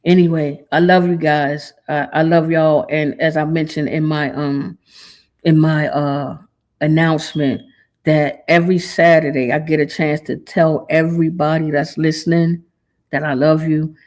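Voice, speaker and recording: A woman's voice: low-pitched, little pitch movement, a little slow, darkish tone. A woman hosts her podcast in a heartfelt monologue, earnest and casual with loose informal slang. She is holding back tears as she speaks. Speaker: podcast host.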